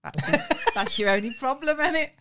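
A woman's voice: high-pitched, animated, normal speed, noisy background. A woman co-hosting a podcast, chatting in a playful, teasing way. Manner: playful, teasing, laughing often. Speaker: podcast co-host. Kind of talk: casual chat.

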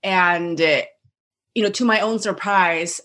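A woman's voice: lowish voice, slow pace, a bit bright. Rambling woman full of fillers. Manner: rambling, filler-heavy with "like" and "you know". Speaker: podcast guest. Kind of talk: casual conversational podcast.

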